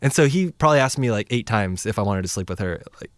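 Man, deep-ish voice, dry close sound, rambling casual storytelling, lots of "like". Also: lively intonation, fast talker, dry recording. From United States. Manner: rambling, heavy use of "like" fillers, acts out quoted dialogue. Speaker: guest telling a travel story.

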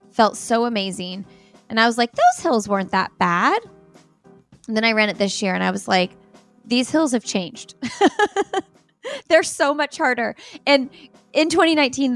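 An American woman chats easily as a podcast guest, her voice in a middling pitch. She laughs often and fills her sentences with "like" and "um". Faint music sits behind her. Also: a bit bright. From United States. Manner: chatty, laughs often, many fillers like "like". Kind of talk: casual interview chat.

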